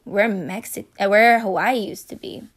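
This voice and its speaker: A woman voicing a cheery, restless talking state in a picture book read-aloud, with a bright, drawn-out delivery. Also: medium pitch, husky, natural voice.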